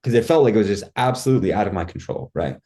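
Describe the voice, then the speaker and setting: A man's voice: fairly low pitch, animated, racing, mellow. A man guest on a podcast, telling a personal story in casual talk, acting out his own cries and thoughts and saying "dude" and "like" a lot.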